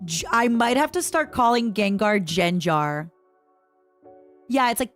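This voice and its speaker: A young woman from Canada chatting casually on a livestream, giggly and given to high squeals and snatches of song. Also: big pitch swings, slow, long pauses, faint music behind. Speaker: streamer.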